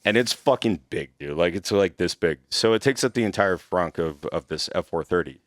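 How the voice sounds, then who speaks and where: A man, a former executive protection agent, telling stories in a casual podcast chat, animated, laughing and swearing freely. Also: low voice, moderate pace, no echo, studio quality.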